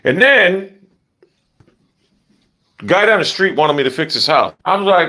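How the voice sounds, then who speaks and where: A man's voice: a little high, measured pace. A middle-aged man livestreaming casually from his yard on a phone, telling stories bluntly with heavy cursing. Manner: profane, blunt ranting; animated storytelling. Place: outdoors in a yard.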